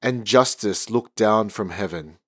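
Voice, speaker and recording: A man reads a psalm and a letter in a formal, measured voice, as at a church service. The sound is close and dry, with no room echo. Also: fairly low pitch. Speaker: lector. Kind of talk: liturgical scripture reading.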